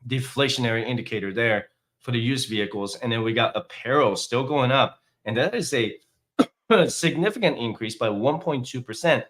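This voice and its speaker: On a laid-back finance livestream, a man walks his audience through the data at a moderate pace. His medium-pitched voice sounds animated and fairly bright, and his chatty commentary is packed with fillers.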